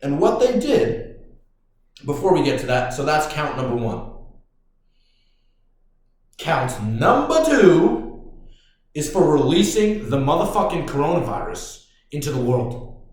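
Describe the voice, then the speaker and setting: A man hosting a podcast, ranting casually in a profane, excitable way. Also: a little high, unhurried, pauses often. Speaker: podcast host. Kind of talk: casual rant. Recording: very echoey room.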